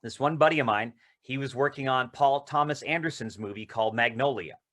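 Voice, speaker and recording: A male actor, interviewed as a guest, telling rambling, excited anecdotes in casual conversation. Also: mid-range voice, a little fast.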